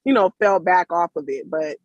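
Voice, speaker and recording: A woman's voice: lowish voice, normal speed, dull audio, a crowd in the background. A woman, calling in on a video call from work, giving an emotional, rambling thank-you. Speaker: caller. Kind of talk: casual testimony on a video call.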